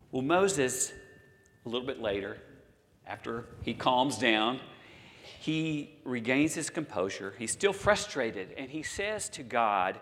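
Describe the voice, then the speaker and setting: A pastor in his sixties preaching a sermon, quoting scripture with dramatic pauses. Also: medium pitch, expressive, fairly bright tone, in a large hall. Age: 60s.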